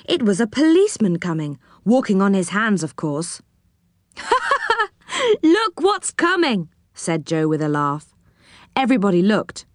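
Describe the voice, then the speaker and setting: Expressive woman reading a children's story. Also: moderate pace, no echo, studio quality. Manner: expressive, dropping low for speech tags.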